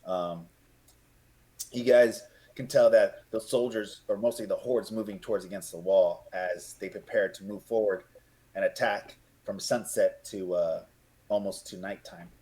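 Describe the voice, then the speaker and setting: A man runs a tabletop game, describing scenes in a loose, rambling way, restarting phrases as he goes. His voice sits fairly low. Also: steady tone, measured pace, mellow, poor audio. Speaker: game master.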